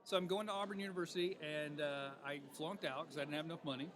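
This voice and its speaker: A man who grew up in Alabama, now a TV morning news personality, telling stories as a guest in a casual interview in a lively, animated way. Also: a little high, fast talker, a crowd in the background. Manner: lively, animated storyteller who acts out callers. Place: expo event.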